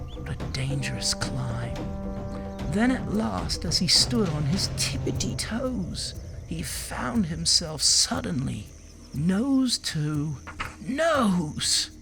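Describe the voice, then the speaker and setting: Slow, lilting woman reading a picture book. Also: fairly low pitch, creaky. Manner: sing-song, chatty asides on the pictures. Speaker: children's book reader.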